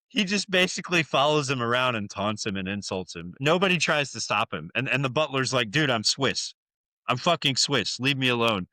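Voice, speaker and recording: Sharp in tone and mid-range in pitch, this American man speaks with no room sound. As a podcast co-host, he chats through a horror film recap in loose storytelling packed with swearing and filler words.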